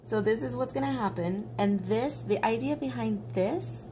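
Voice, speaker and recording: A woman's voice: a little high, moderate pace, mellow, slight background noise. A woman artist vlogging while she colors, chatting casually and joking at her own expense. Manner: chatty, self-mocking, dramatic outbursts.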